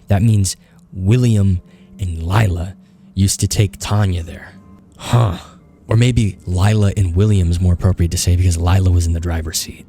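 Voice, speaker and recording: A man's voice: low voice, fairly quick, soft background music. A young man casually commenting while playing a video game, swearing often and talking to the characters. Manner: profane, excitable, talks to the game. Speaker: gaming video host. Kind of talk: casual let's-play commentary.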